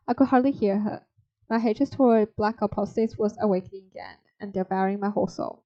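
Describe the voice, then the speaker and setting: In a mid-range, dark-toned voice, a young woman streamer briskly reads out a story game's text and adds commentary. Her asides are blunt and laced with swearing. The stream sound is slightly dull, with faint music behind her.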